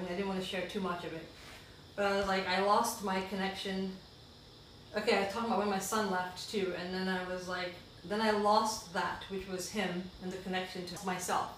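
An earnest woman reads her own reflective writing aloud as a guest, heartfelt and prone to quick asides. She sits well back from the mic in a strongly echoing room, with a faint hiss of background noise behind her. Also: medium pitch, fairly bright tone, recorded from a distance.

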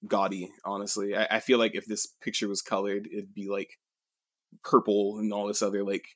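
A man with a fairly low voice walks through a story in loose, casual chat. He stumbles, restarts and swears now and then, and the recording is dry and close to the mic. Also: monotone, normal speed, fairly bright tone, no echo. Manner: rambling, with many fillers and swearing. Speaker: podcast co-host. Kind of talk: casual chat, retelling a manga chapter.

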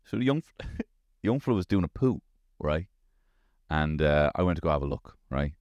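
A man with a Dublin Irish accent, in his thirties, hosting a show with an animated, swearing comic monologue full of tag questions. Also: extremely low pitch, normal speed, muffled recording, music in the background.

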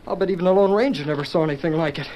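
An actor playing an eager young cowboy rider in a 1940s radio drama, talking excitedly to himself. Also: male voice, a little high, very fast, natural voice. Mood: wondering. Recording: noisy old radio recording.

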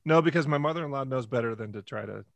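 A man's voice: mid-range voice, fast talker, gravelly, dry recording. A man co-hosting a comedy podcast, telling a story in casual chat with a self-deprecating, laughing manner. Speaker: podcast co-host.

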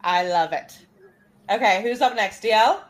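A woman's voice: mid-range voice, normal speed. A woman co-hosting a casual group chat, playful and leading the talk. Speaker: podcast co-host.

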